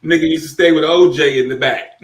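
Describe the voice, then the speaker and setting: A man's voice: fairly high pitch, steady tone, brisk, echoey room. A man co-hosting a talk show, teasing the others with profane, laughing banter. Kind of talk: casual banter.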